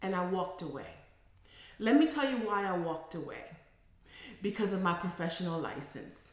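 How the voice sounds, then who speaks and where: A middle-aged woman, a psychotherapist, telling a story in a casual monologue, emphatic and animated, building to forceful declarations. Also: on the low side. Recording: very echoey room.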